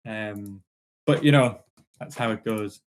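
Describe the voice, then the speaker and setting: A man's voice: lowish voice, takes it slowly, slight background noise. A man telling casual, sweary anecdotes on a podcast, often laughing. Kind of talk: casual chat.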